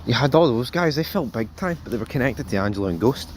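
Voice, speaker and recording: A man hosting a casual TV review, rambling and animated, swearing freely and calling viewers folks. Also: mid-range voice, fast talker, a little hiss or hum. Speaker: show host, TV reviewer.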